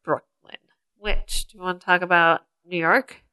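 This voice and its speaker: A woman's voice: fairly low pitch, fairly even intonation, normal speed, pushed and bright, smooth. A woman co-hosting a podcast, recapping a movie in casual chat and eagerly explaining facts. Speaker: podcast co-host.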